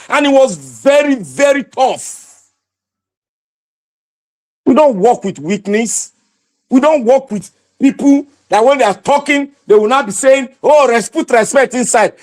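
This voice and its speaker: A man's voice: extremely high pitch, darkish tone. A Nigerian man hosting impassioned political commentary, preaching and exhorting his viewers with a fiery, repetitive delivery.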